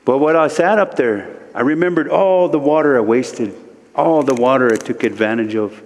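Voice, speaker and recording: A man from Standing Rock telling a spiritual vision story at a worship service in slow, short phrases, his voice rising sharply whenever he quotes someone. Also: mid-range voice. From Standing Rock, United States. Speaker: guest speaker, spiritual teacher. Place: church sanctuary. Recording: long reverb of a large hall.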